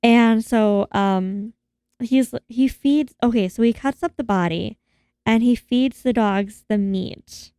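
A woman's voice: on the high side, slow, mellow, clear, resonant tone, no echo, clean studio sound. A woman in casual chat, recapping a film and animatedly acting out the characters' lines in voices. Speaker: podcast co-host recapping a film.

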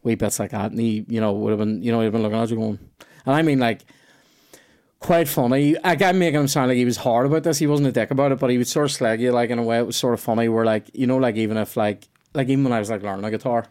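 A man's voice: medium pitch, steady tone, fast talker, a little mellow. Man rambling through a story. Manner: rambling storyteller, heavy swearing, many restarts. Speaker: podcast host and comedian. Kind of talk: casual chat.

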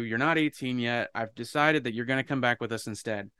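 A man's voice: mid-range voice, fast, few pauses, smooth, dry recording. A man telling a personal story in casual podcast chat, swearing freely and acting out the people in it. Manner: profane, animated storyteller. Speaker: podcast co-host.

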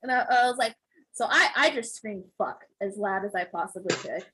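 A woman's voice: medium pitch, animated, brisk, noisy background. A woman who works as a physical therapist, animatedly telling a story in casual chat, acting out the voices and laughing often.

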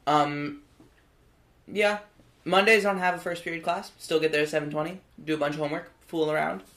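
A man's voice: on the high side, fairly even intonation, brisk, fairly bright tone. A teenage boy guest on a friends' podcast, describing things in a matter-of-fact, slightly hesitant way. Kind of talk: casual chat. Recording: roomy home recording.

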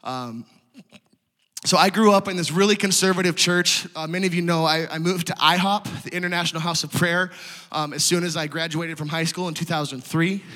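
A man in his thirties from South Dakota, preaching a sermon and telling his testimony in an animated way with frequent laughter. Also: fairly high pitch, a little fast, in a large hall. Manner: animated storytelling, laughs often.

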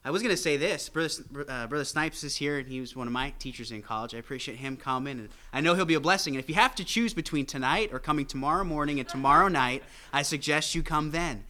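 An American man delivering a sermon in a voice pitched a little high. He talks in a loose, conversational way, often restarting his sentences and filling the gaps with small hesitations. He speaks into a handheld microphone. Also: fast, few pauses, sharp tone. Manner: conversational, with many restarts and fillers. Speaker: guest preacher.

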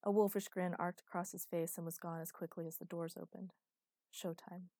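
Woman narrating fiction, lowish dry voice. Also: little pitch movement, a little fast, warm tone, no echo. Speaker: audiobook narrator. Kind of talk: first-person fiction narration.

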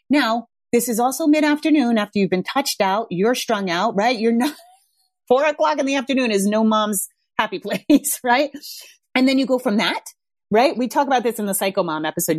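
A woman's voice: a little high, animated, fairly quick, no echo. A woman parenting coach hosting a podcast in a casual monologue, speaking frankly and emphatically and swearing freely. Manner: acts out parents' voices when quoting them.

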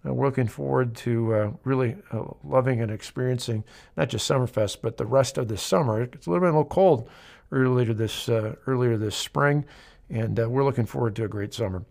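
Earnest man in his fifties, podcast host, emphatic commentary, mid pitch, halting delivery. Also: creaky, a little mellow. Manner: earnest, emphatic, many filler restarts. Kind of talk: political commentary monologue.

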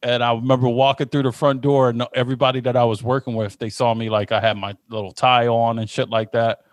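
A man's voice: mid-range voice, little pitch movement, fast, dry recording, clean studio sound. A man hosting a podcast, telling stories in casual, profane, laid-back chat. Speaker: podcast host.

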